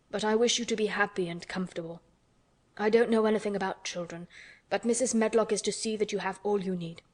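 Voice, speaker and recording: A woman reading an audiobook, voicing a weary, grieving middle-aged gentleman who speaks slowly and quietly. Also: medium pitch, lightly acted. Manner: slow, subdued, tired.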